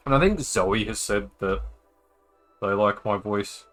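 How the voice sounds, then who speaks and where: Bright-voiced Australian man streaming. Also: on the low side, lively intonation, a little slow, soft background music. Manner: reads dialogue aloud, swears casually. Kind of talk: casual live-stream game reading.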